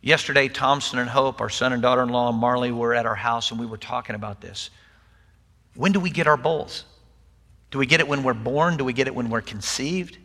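In a church sanctuary with long hall reverb, an older pastor preaches to his congregation in a mid-range voice that's fairly quick, pushed, and bright. His sermon is folksy and conversational, sprinkled with light humor.

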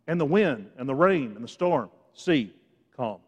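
A man preaching a sermon in a church, swinging between hushed, quiet lines and loud, rising ones, with touches of sarcasm. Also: mid-range voice, lively intonation, measured pace, breathy edge, long reverb tail. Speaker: pastor. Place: church sanctuary.

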